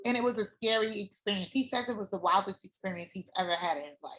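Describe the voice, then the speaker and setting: A woman guest telling her own story in a casual chat, candid and animated, swearing freely. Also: mid-range voice, quick pace. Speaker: former doula client, guest.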